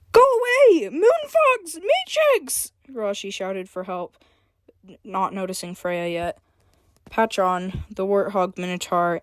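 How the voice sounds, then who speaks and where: A woman reads her own story aloud, with a chatty, filler-laced introduction before she settles into plain narration. Her voice sits a little low. The sound is dry and close. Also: no echo.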